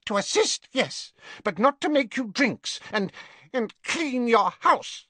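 A man voicing a cringing, servile little man with a high, squeaky, whining voice in a storybook reading. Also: very animated, slow pace, sharp tone, dry recording, heavily acted.

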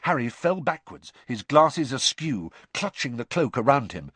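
A man reading an audiobook in a steady storytelling manner, stepping into character voices. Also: medium pitch, moderate pace, husky, no room sound. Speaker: narrator. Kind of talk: audiobook narration.

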